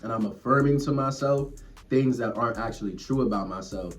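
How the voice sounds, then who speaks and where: Talking fairly quickly in a medium-pitched voice, a young man vents to the camera, earnest but casual, swearing and rambling as he looks inward. The mic is distant, and faint music plays behind him.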